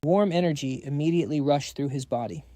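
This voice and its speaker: A man with a fairly high, mellow voice narrates a story recap in a dry, close recording. His delivery is dramatic and breathless, pushing each beat forward. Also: a little fast, no room sound.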